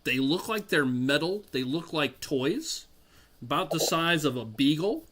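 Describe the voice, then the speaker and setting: Male game master, slightly high, lively delivery, halting casual narration. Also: noisy background. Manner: halting, full of ums and restarts.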